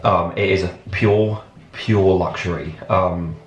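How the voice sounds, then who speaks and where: Slow and low-pitched, this man keeps a fairly even intonation, recorded with a roomy echo. He's chatting to camera from an airport lounge, casually telling a story and performing both his own lines and other people's in quotes.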